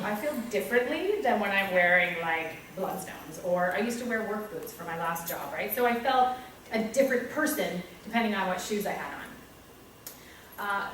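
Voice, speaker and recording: A woman's voice: medium pitch, a little hiss or hum. Candid Canadian woman in an echoey room. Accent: Canadian English. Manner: candid, self-deprecating, with acted-out asides. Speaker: teacher. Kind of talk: reflective talk on her teaching practice. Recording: echoey room, speaker far from mic, faint ambience.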